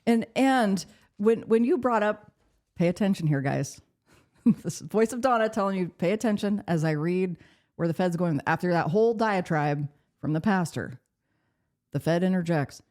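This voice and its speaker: A woman's voice: on the low side, animated, normal speed, mellow. A woman co-hosting a political podcast, making pointed remarks and telling listeners what to pay attention to. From United States. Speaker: podcast co-host. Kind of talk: casual political podcast talk.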